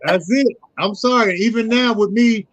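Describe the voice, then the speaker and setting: High-voiced middle-aged man telling stories. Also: normal speed, highs cut off. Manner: storytelling, acts out quoted dialogue. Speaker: guest, youth mentor. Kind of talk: casual conversational interview.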